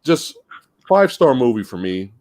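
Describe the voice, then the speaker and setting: A man hosting a casual movie podcast, talking in an animated way and laughing as he goes. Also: medium pitch, normal speed. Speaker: podcast host.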